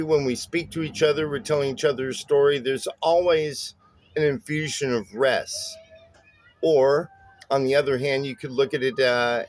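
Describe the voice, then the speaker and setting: A man, a bass teacher, giving a relaxed spoken lesson with many fillers and small chuckles. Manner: relaxed and chatty, many "uh" and "um" fillers, chuckles at his own jokes.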